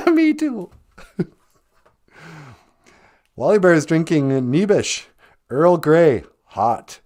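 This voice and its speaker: A man hosts a loose, joking livestream and keeps breaking into laughter between comments. His voice is highly animated, with pitch swinging from low mutters to high exclamations as he rambles from one tangent to the next. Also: drawn-out words, pauses often. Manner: giggly, rambling, jokey, calls people sweetie. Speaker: livestream host reading viewer comments. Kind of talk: casual livestream chat.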